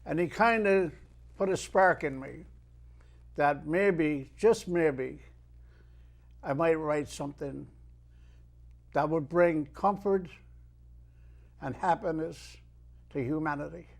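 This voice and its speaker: Older irish guy, kinda high for a man, slow and gravelly, thinking back on his life. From Ireland. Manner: slow, reflective storytelling. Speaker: guest. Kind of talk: reminiscing in an interview.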